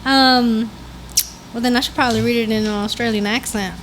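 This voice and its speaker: A woman co-host in casual podcast chat, giggly and animated, swearing casually. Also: fairly high pitch, a little fast, a little hiss or hum, low-quality recording. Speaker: departing co-host.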